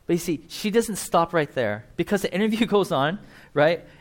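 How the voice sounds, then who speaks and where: A male preacher with a somewhat high voice delivers a conversational sermon. He talks straight to his listeners and slips into quick acted-out voices for the people he describes. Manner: conversational, animated, acts out quotes. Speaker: pastor.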